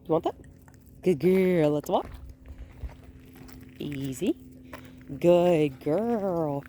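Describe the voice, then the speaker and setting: A woman dog trainer filming a walk outdoors on a hand-held phone, calmly explaining and softly praising the dog. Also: on the low side, takes it slowly, a little hiss or hum. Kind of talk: hands-on training demonstration. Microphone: phone held in one hand.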